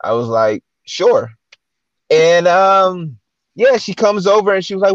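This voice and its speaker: Guest-hosting a chat show, a high-voiced man spins casual stories at a moderate pace, animatedly performing the lines he quotes. There's no room sound, and the highs are cut off.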